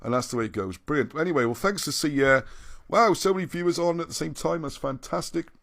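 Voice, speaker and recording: A man's voice: a little high, expressive, fast, creaky, a bit bright, dry recording. Man rambling through a livestream, dry sound. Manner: rambling, restarts often, chuckles at his own points. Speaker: livestream host. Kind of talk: livestream talk, reading viewer comments.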